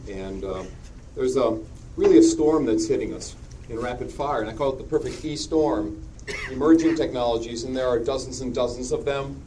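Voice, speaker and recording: A middle-aged man giving a conference keynote in a hall, animated and joking with quick asides. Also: mid-range voice. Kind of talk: conference presentation. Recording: distant mic with steady background hiss.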